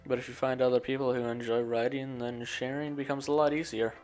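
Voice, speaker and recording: A man voicing a cheerful young woman who leads a literature club, reading her game lines in a flat monotone. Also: medium pitch, fairly quick, soft background music, lightly acted. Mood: advising. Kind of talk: game dialogue read aloud.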